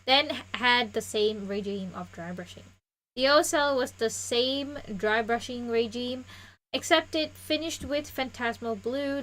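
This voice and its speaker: A woman's voice: a little high, fairly bright tone, low-quality recording. A woman co-hosting a live stream, reading out painting notes and chatting enthusiastically. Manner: reads painting notes, then chats enthusiastically. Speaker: co-host reading out hobby submissions. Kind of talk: casual chat on a live stream.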